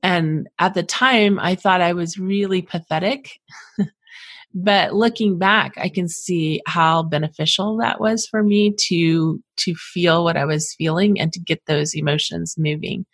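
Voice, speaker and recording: A woman's voice: fairly low pitch, fairly even intonation, a little slow, slightly rough, no room sound. A woman hosting an interview, affirming her guest and reflecting on her own past. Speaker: host. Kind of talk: interview conversation.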